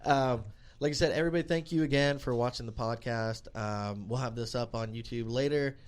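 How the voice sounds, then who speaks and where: A man hosting a casual podcast, upbeat and chatty. He asks rambling questions full of ums and you-knows. His voice sits at an ordinary middle pitch. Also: a little fast, clear, resonant tone. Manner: upbeat, filler-heavy questioning. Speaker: podcast host.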